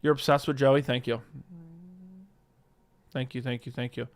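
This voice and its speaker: Clear-voiced man chatting on a livestream. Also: medium pitch, normal speed. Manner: reads chat questions aloud and answers offhand; relaxed, swears freely. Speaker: livestream host. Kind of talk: casual live-stream chat. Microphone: studio dynamic mic.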